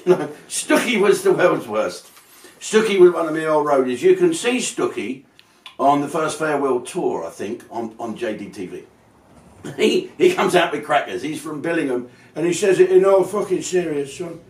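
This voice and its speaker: A man's voice: a little high, lively intonation, a little fast. A man hosting his own show with a rambling, sweary, mock-outraged comic monologue. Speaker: host. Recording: roomy sound from a distance.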